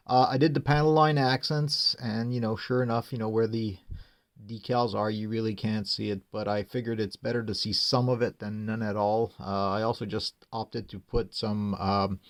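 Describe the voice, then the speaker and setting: Man walking through a model build. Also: mid-range voice. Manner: unhurried, explains step by step, frequent "uh" fillers. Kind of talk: casual build walkthrough.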